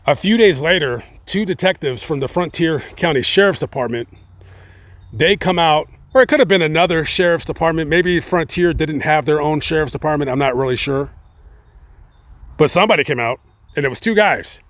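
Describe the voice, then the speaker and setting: A man's voice: fairly high pitch, normal speed, a bit bright, no room sound. Rambling, slangy male storyteller. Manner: rambling, slangy, lots of fillers and asides. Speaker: host. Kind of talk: casual true-crime storytelling.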